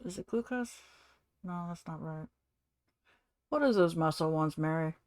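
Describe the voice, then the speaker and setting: A woman streaming from home, chatting casually and rambling to her viewers, now and then cooing softly to her cat. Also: lowish voice, expressive, unhurried, no echo, studio quality.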